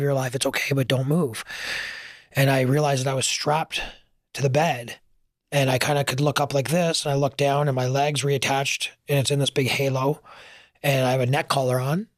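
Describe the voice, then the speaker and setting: A man's voice: mid-range voice, dry recording, clean studio sound. A man telling his story in a casual interview, earnest and emotional, at times choking up. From Canada. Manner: earnest, emotional, gets choked up. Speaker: firefighter guest.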